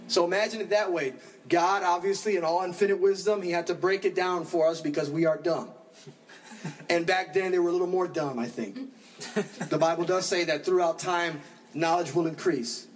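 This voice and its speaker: A man preaching a sermon as pastor, animated, acting out the voices of his congregation. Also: on the high side, recorded from a distance, rough recording.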